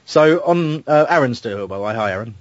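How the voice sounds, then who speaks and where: Talking fast with lively intonation, a medium-pitched man hosts a football podcast for fans, casual radio-style chat full of restarts and self-deprecation. There's no echo, though the home recording sounds dull and lo-fi.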